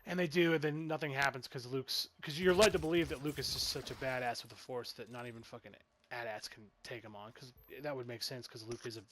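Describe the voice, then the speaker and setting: A man's voice: mid-range voice, fairly even intonation, brisk, few pauses, fairly bright tone, a little hiss or hum. Man, 30s, mid-range voice, frustrated rambling reviewer who swears freely. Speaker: film reviewer. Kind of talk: casual spoken movie review.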